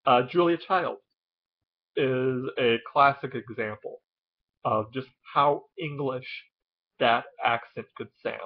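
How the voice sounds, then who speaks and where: Man, casual explainer, hesitant, lots of ums, average pitch, dull lo-fi audio. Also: slow pace. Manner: hesitant, many ums and uhs. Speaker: video host.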